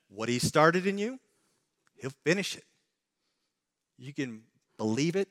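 A pastor in his forties preaching a sermon with passion, swinging from loud, pleading emphasis to quiet, earnest reassurance. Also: on the high side, animated, measured pace, pauses often.

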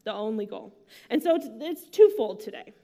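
A woman's voice: fairly high pitch, expressive, moderate pace, gravelly, warm tone. A woman preaching a sermon in a casual, chatty way, using slang and asides. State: emotional, near tears. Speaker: pastor.

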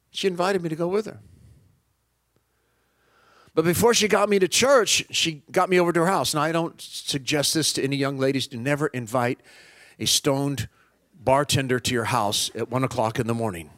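A man preaching a personal testimony, telling it as an animated story and acting out both sides of the dialogue. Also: fairly high pitch, normal speed, no echo.

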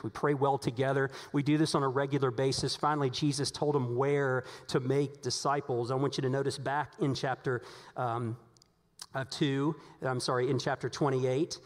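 Pastor preaching in a big hall. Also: male voice, mid-range voice. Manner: animated storytelling, voice climbs when excited. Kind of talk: sermon. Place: church sanctuary. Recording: long hall reverb.

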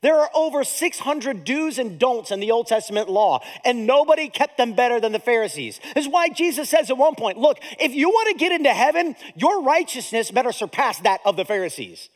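A man preaching a sermon as pastor, in a lively, conversational way that mixes jokes and acted-out voices into his teaching. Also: very high-pitched, fairly quick, few pauses.

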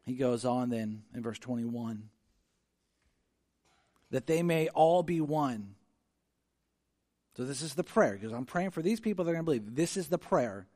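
A man preaching a sermon, earnest and conversational, moving from quiet reflection to emphatic, rising delivery. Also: mid-range voice, lively intonation, fast, hardly any pauses. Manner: conversational with frequent restarts. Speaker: pastor.

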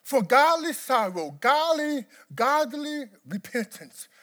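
A man preaching a sermon as pastor, swinging from quiet, low talk to shouted emphasis and repeating words to drive points home. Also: big pitch swings, takes it slowly.

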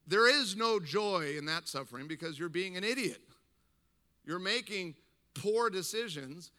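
A middle-aged man delivers a sermon with a strikingly bright, forceful tone and a slightly high-set voice. He moves between reading scripture aloud and talking to the congregation in emphatic, conversational asides. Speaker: pastor.

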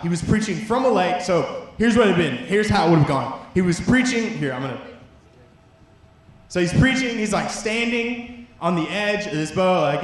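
Moderately paced and high-voiced, a young man tells an animated story during a casual youth sermon. He throws in jokey asides and says "like" a lot, and the room he's in is very echoey.

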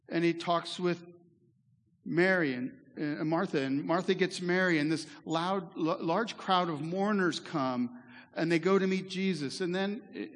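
A pastor giving a sermon in a church, earnest and conversational, with asides to the congregation. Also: male voice, high voice. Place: church sanctuary. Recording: echoey hall reverb.

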